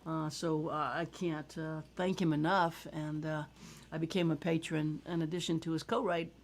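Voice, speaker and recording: Low-voiced woman, halting speech. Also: flat delivery. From South Louisiana. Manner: halting, many filler "uh"s. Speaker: singer-songwriter host. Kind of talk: casual chat and reading aloud.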